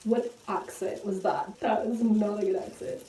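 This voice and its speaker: Dyeing her hair at home, a book vlogger in her twenties chats and rambles with plenty of fillers, laughing at herself. Her medium-pitched, dark-toned voice moves at a normal speed with fairly even intonation, recorded slightly distant with a roomy echo.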